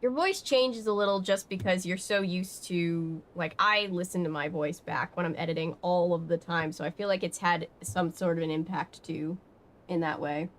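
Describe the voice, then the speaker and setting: A woman's voice: fairly low pitch, fairly even intonation, moderate pace, slight background noise. A woman from Georgia with a slight Southern accent, chatting casually with her stream audience in a rambling way. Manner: chatty, rambling with fillers and restarts. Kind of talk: casual live-stream chat.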